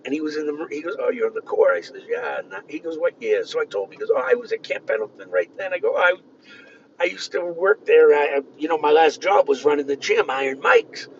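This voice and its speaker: A man in his fifties telling rambling personal stories in a gruff manner, swinging between loud outbursts and low muttering. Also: wildly swooping pitch, fairly quick, a little hiss or hum. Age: 50s. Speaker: vlogger. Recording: distant, dull lo-fi with faint ambience.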